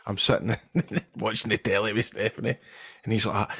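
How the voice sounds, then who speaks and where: A man's voice: on the low side, fairly even intonation, brisk, slightly rough, no room sound. A Scottish man as a podcast guest, retelling a story with enthusiasm and laughter. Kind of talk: casual chat.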